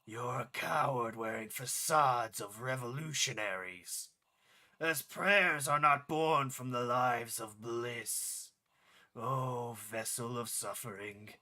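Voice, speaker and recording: A man voicing a solemn, mysterious male figure, speaking slowly and gravely in a measured way. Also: medium pitch, pushed and bright, pitched below the performer's own voice. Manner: slow, grave, measured delivery.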